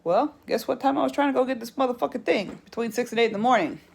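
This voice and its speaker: A woman's voice: a little high, fast, vocal fry, slightly rough. A woman truck driver telling a story in a casual vlog, blunt and profane, ranting animatedly about her job.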